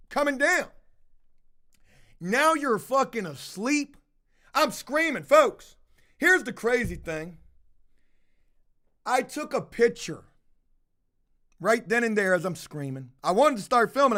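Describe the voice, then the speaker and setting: A man telling a story to his viewers in a loud, belligerent rant full of swearing. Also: very high-pitched. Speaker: video host. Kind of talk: profane ranting storytime.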